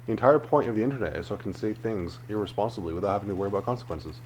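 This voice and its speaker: Male podcast co-host, very low pitch, relaxed chuckling delivery. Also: rapid-fire, slight background noise. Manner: laid-back, chuckling storyteller. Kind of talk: casual chat.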